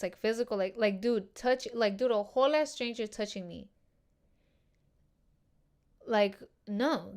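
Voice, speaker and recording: A young woman hosting a casual solo podcast, talking in a slangy, animated way and swearing a lot. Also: mid-range voice, smooth. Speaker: podcast host.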